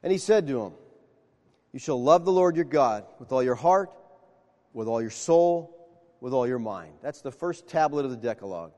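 A man preaching a sermon, telling stories with animated acted-out dialogue. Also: medium pitch, normal speed, big-room sound. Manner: animated storytelling, acts out dialogue. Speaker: pastor.

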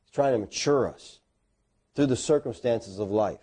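A man's voice: normal speed, slightly rough. A middle-aged man preaching a sermon, telling stories with folksy asides and self-deprecating humor. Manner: animated storytelling with sudden loud, high bursts.

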